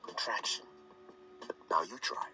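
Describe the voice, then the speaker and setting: A man teaching English phrasing in a lively instructional video, reading example sentences quickly and then slowly. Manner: reads example sentences fast then slow, animated. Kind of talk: lively instructional read-along. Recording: played from a video, some distance from mic, light music.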